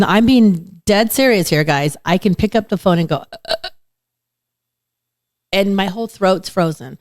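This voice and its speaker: A woman hosts a casual radio talk show, telling her stories with lively acted-out quotes. Her voice sits on the lower side and is recorded very dry and close. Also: no room sound. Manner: chatty, animated storytelling with acted-out quotes. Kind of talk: casual chat.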